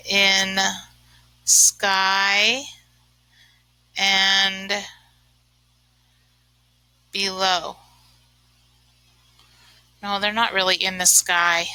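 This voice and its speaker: A woman's voice: mid-range voice, level tone, a little slow, sharp tone, no room sound, low-quality recording. A woman teaching a remote lesson, chatting and thinking aloud as she writes, with many fillers. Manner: chatty, uses lots of fillers. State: sneezing from allergies.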